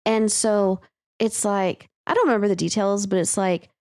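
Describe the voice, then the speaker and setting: A woman's voice: medium pitch, fairly even intonation, moderate pace, darkish tone, dry recording, studio quality. A woman co-hosting a writing podcast, chatting in a rambling way with lots of "like" and "you know.". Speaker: podcast co-host. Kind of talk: casual discussion of listener stories.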